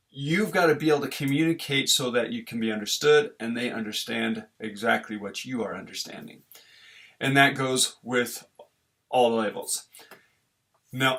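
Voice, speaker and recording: A man's voice: medium pitch, vocal fry, fairly bright tone. A middle-aged man talking casually and earnestly about relationships, explaining with homely everyday examples. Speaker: relationship advice speaker. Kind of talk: casual talk.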